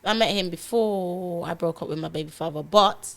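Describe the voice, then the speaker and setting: A young woman, a podcast guest telling her life story in a lively way and acting out past conversations. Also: on the low side, normal speed, gravelly. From London. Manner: animated storytelling, acts out her own past dialogue. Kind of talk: candid podcast interview.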